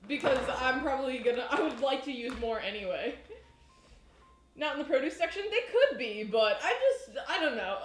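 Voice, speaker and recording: A woman's voice: on the high side, normal speed, a little hiss or hum. A woman chatting casually on a live cooking stream in her home kitchen, rambling and laughing often. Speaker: baking streamer. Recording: echoey room.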